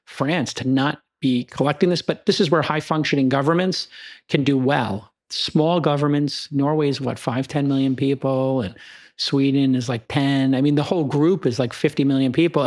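A man's voice: medium pitch, steady tone, moderate pace. Opinionated American man chatting. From United States. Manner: opinionated, explains with examples and asides. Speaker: podcast host. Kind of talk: casual conversational chat.

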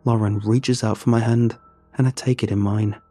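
Husky male storyteller, earnest. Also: lowish voice, steady tone, normal speed, mellow, faint music behind. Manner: earnest and emotional. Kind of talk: first-person story narration.

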